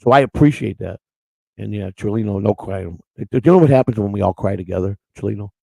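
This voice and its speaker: A man's voice: on the low side, quick pace, vocal fry, a little mellow, dry recording, low-quality recording. A man hosting a live-stream morning show, rambling in unscripted chat, blunt and crude, restarting his words again and again.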